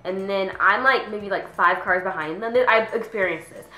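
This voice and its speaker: A teenage girl venting about her pet peeves in a casual vlog, chatty, with lots of "like", sometimes mimicking people in a higher voice. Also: normal speed, bright, forceful tone, roomy sound, faint music behind, low-quality recording. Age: teens. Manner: chatty, says "like" constantly, acts out quoted people in a higher voice. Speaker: vlogger.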